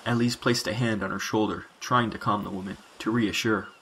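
A man narrating science fiction in a measured, dramatic reading. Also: lowish voice, steady tone, vocal fry, fairly bright tone, slight background noise, rough recording.

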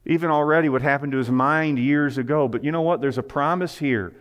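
A man's voice: on the high side, fairly quick, smooth. A man preaching a sermon in church, earnest, with rising and falling emphasis and rhetorical questions to the congregation. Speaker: pastor. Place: church sanctuary.

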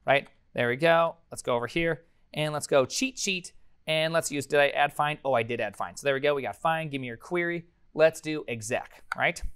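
This programming instructor is a man with a voice on the high side. He thinks out loud while coding live, energetically, with frequent sudden bursts of excitement.

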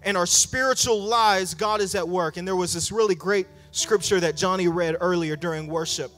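A man's voice: high voice, normal speed, fairly bright tone. A male pastor preaching a sermon in a conversational way, acting out quoted apologies and calling for amens. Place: church sanctuary. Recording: church hall reverb with faint music.

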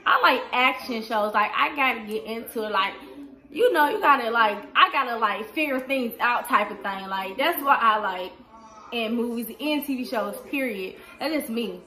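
Seorang wanita berusia dua puluhan menjawab pertanyaan penonton dengan santai di rumah, sering memakai "like" dan "um". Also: female voice, on the high side, expressive, moderate pace, bright, forceful tone. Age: 20s. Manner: chatty, fills with "like" and "um". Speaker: vlogger. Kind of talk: casual Q&A vlog. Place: indoors at home.

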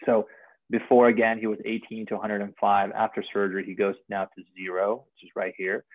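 A man's voice: lowish voice, level tone, brisk, no echo. Casting note: a man as a surgeon walking through slides, earnest and precise, heard over a dry, tinny call line. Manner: earnest, technical, repeats numbers and words. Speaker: orthopedic surgeon. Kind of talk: explaining surgery over slides in a live stream.

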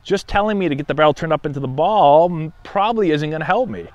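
A man coaching baseball hitting straight to camera, his voice pitched a little high and recorded dry and close. He talks casually, keeps checking in with the viewer, and explains things in an easy, conversational way. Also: expressive, quick pace, a little mellow, dry recording, lo-fi sound. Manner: conversational, frequent "right?" check-ins. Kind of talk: casual instructional talk to camera.

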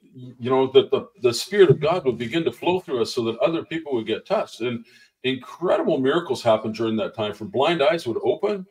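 A man speaking as a guest minister, telling lively testimony stories and acting out the voices of the people in them. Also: mid-range voice, a little fast, far from the mic, low-quality recording. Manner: animated storyteller who acts out the voices in his anecdotes. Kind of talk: conversational testimony storytelling.

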